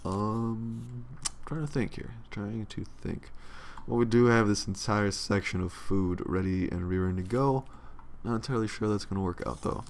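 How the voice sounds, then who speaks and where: Low gravelly young man grumbling over gameplay. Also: fairly even intonation, moderate pace, a little hiss or hum. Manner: profane, grumbling, sarcastic. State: yawning, tired. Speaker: let's play commentator. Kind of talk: casual gameplay commentary.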